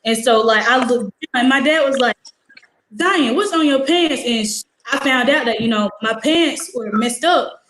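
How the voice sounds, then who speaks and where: High school girl telling a story, acts out what people said, kinda high voice, echoey room. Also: normal speed, a little hiss or hum. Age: teens. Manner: animated, acts out quoted dialogue, many "like" fillers. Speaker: high school student guest. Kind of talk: casual storytelling.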